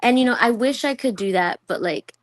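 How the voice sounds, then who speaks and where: A woman's voice: on the high side, fairly quick, dry recording. A woman co-hosting a podcast, telling stories in a rambling, casual way full of fillers. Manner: rambling, filler-heavy storytelling. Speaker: podcast co-host. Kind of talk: casual chat.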